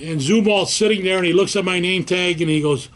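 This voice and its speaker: An older man being interviewed about his time in the service, spinning a lively story. He acts out what everyone said, his voice sitting fairly high for a man. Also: a little fast. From United States. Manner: animated storyteller acting out quoted voices. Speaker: veteran interviewee. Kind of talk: telling a war-era anecdote.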